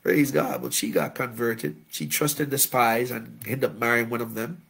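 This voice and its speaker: A man, a bishop, preaches at a Bible study. He talks in an animated way, tells funny stories, and puts in frequent amens and shouts of praise. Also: mid-range voice, moderate pace, gravelly, breathy edge. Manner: humorous, anecdotal. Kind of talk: sermon.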